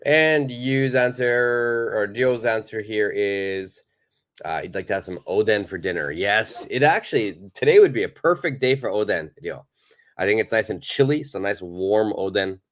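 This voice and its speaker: A man's voice: on the low side, normal speed. A man teaching a live online English lesson, patiently repeating and praising viewers' answers.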